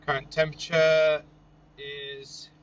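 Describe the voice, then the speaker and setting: A man's voice: on the high side, monotone, slow pace, a bit bright, muffled recording, slight background noise. A young Australian man hosting a casual night-time livestream outdoors, chatting with viewers and joking easily. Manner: joking, chuckles often, easygoing. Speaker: livestream host. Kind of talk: casual live chat reading viewer comments.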